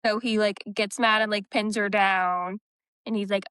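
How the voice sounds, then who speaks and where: A woman retells scenes from a fantasy novel in casual chat, dropping into the characters' lines without changing her voice much. Her tone is smooth and clear at a middling pitch. She sits close to the mic in a dry room. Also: fairly even intonation, measured pace, fairly bright tone, no echo. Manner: recounts scenes, quoting characters in her own voice. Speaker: book podcast co-host.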